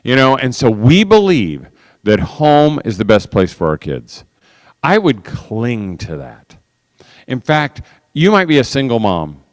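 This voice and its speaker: A middle-aged man giving a storytelling talk to a conference audience, animated and laughing as he acts out voices and sounds. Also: mid-range voice, measured pace. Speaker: conference speaker. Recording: long hall reverb.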